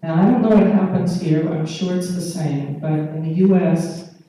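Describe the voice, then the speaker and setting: A woman's voice: low voice, steady tone, warm tone. A woman giving a conference lecture, explaining patiently and often checking in with the audience by asking "okay?". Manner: explains patiently with pauses and fillers. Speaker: conference speaker. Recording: echoey hall, distant mic.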